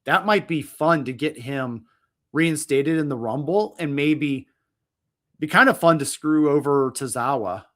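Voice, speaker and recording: A man's voice: fairly high pitch, unhurried, fairly bright tone. Rambling, chuckling man co-hosting a podcast. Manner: rambling, self-interrupting, chuckles. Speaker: podcast co-host. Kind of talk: casual chat.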